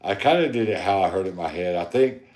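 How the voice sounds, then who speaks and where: Middle-aged man, very low voice, laid-back, roomy echo. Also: lively intonation, fast, darkish tone. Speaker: podcast co-host. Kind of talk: casual chat.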